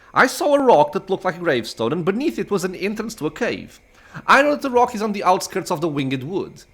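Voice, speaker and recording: A man's voice: fairly high pitch, fairly bright tone, voice pushed up. A man reading the lines of a tired, grieving male cleric from a game. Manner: earnest, tired. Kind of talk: reading game dialogue aloud.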